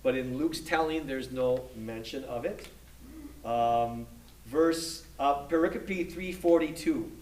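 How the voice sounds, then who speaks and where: A man's voice: mid-range voice, takes it slowly, a little mellow, recorded from a distance. A man giving a scripture lecture to a class. He speaks unhurriedly, often restarting his sentences and checking in with "okay?" between points. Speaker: Bible study instructor. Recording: echoey room, voice from afar.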